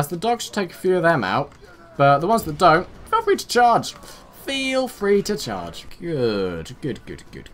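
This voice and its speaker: A man's voice: medium pitch, a bit bright. A man talks his way through a strategy game, chatty and self-mocking as he orders his units around. His voice swings up and down a lot. A faint hiss and some keyboard clicks sit under his voice from the desk mic. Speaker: gaming YouTuber. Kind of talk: casual let's play commentary.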